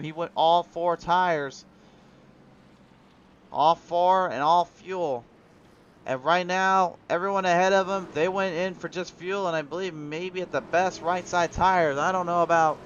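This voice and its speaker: A man's voice: on the high side, highs cut off, a little hiss or hum. A man from Iowa giving sim racing play-by-play commentary, chatting with viewers between calls. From Iowa, USA. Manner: chatty, reads viewer chat aloud, rises to excited calls. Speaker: race commentator.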